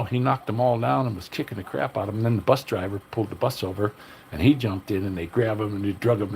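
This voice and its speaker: A man's voice: on the low side, creaky, a little mellow, slight background noise, poor audio. An older man chatting casually on a livestream, telling loose, profane, folksy stories to viewers. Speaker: livestream host. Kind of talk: casual rambling chat to live viewers.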